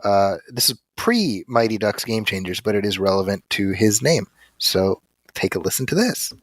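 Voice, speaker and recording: A man co-hosting a podcast, chatting casually and reading listener mail with animated storytelling. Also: on the low side, moderate pace, no room sound, studio quality. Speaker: podcast co-host. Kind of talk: casual chat.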